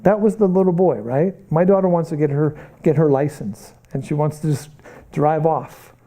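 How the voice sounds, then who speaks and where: The lecturer is a middle-aged man with a fairly high, dark-toned voice, speaking at a moderate pace to a Bible college class on missions. His delivery is earnest and sermon-like, with rhetorical questions and flashes of urgency.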